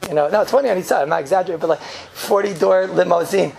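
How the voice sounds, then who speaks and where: A man teaches an informal class, piling up rhetorical questions and chuckling at his own jokes. His voice has a gravelly, creaky edge. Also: high voice, very fast, crowd noise. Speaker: yeshiva teacher giving a class.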